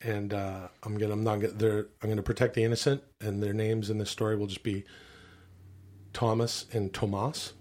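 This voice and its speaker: A man from Canada, co-hosting a comedy podcast in loose, rambling banter, a bit hoarse and quick to swear. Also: lowish voice, little pitch movement, darkish tone. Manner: rambling, profane, restarts his stories. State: slightly hoarse. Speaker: podcast co-host.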